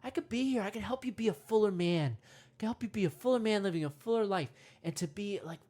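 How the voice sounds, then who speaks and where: A woman's voice: medium pitch, quick pace, dark tone, lightly acted. A woman voicing a cackling, friendly forest monkey that eagerly offers to help.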